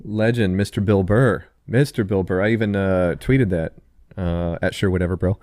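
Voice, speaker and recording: Low-voiced man, dry sound. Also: steady tone, moderate pace, darkish tone, no echo. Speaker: podcast co-host. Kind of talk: casual chat.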